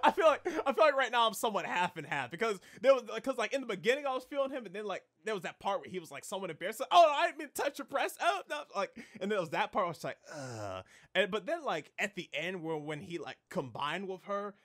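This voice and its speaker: A young man chats casually about a show, pausing and restarting his sentences and leaning heavily on "like". His voice is bright and quick, swinging widely up and down. He sounds high for a man. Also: big pitch swings. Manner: hesitant, filler-heavy, restarting phrases. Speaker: co-host. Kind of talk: casual chat.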